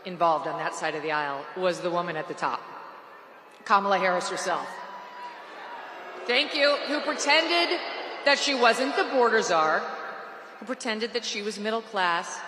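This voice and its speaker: A woman's voice: mid-range voice, pushed and bright, a little hiss or hum. Sarcastic woman speaking at a rally. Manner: mocking, sarcastic, punchy delivery. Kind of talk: political rally speech. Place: large indoor rally venue. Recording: echoey arena PA reverb.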